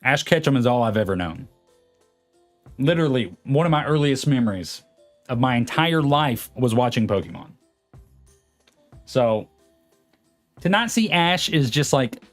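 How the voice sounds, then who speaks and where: A man's voice: mid-range voice, very animated, moderate pace, pauses often, soft background music. A man in his late twenties chatting casually on a livestream, rambling and reading viewer comments aloud. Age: late 20s. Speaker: streamer host.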